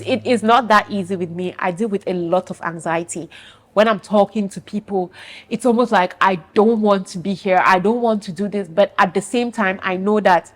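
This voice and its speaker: A woman's voice: mid-range voice, fairly quick. A woman in her thirties from Cameroon with a Cameroonian accent, speaking frankly and confidingly to her viewers in a personal vlog. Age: 30s. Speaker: vlogger.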